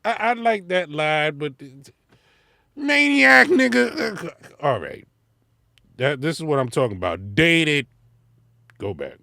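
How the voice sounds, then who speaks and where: A man giving casual, animated reaction commentary from inside his car, laughing and swearing as he critiques. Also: fairly high pitch, unhurried, long pauses, no echo, clean studio sound. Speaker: music reaction vlogger.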